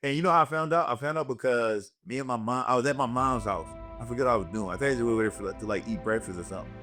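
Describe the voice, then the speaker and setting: A man's voice: medium pitch, rapid-fire, sharp tone, faint music behind. A young man, a comedian hosting a casual podcast, telling profane stories with bursts of put-on voices. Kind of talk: casual storytelling chat.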